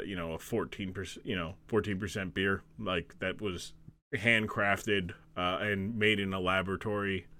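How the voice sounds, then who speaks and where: A man's voice: fairly low pitch, bright, forceful tone, dry recording. A man hosting a casual podcast chat, joking, laughing often and acting out silly voices. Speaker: podcast host.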